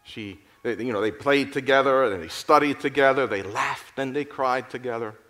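A man narrating a moral story in an expressive, dramatic storytelling manner. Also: medium pitch, moderate pace, soft background music. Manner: expressive, lively storytelling with restarts.

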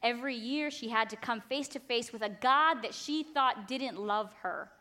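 A woman's voice: a little high, moderate pace, bright, forceful tone. A woman preacher giving a passionate sermon, emphatic and fond of repetition.

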